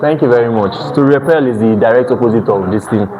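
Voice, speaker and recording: A Nigerian-accented man, an exam prep tutor, lectures a night class at a quick pace, often stopping to check that students follow and correcting himself mid-phrase. His voice sits at a middle pitch, with a faint hiss of background noise under the recording.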